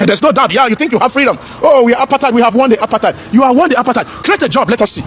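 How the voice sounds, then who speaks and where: A man's voice: extremely high pitch, animated, very fast, a bit bright, a little hiss or hum. A man in an impassioned, preachy monologue, asking rhetorical questions and slipping into pidgin.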